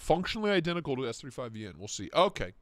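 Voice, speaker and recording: Rapid-fire and sing-song, a medium-pitched man hosts a casual livestream with no echo. He cracks crude jokes, laughs often, and reads donations aloud.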